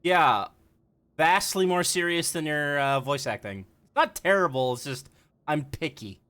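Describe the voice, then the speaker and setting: A man's voice: on the high side, expressive, a little slow, sharp tone. A man streaming a video game, chatting casually and joking, swearing freely. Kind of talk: casual live-stream commentary. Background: game music.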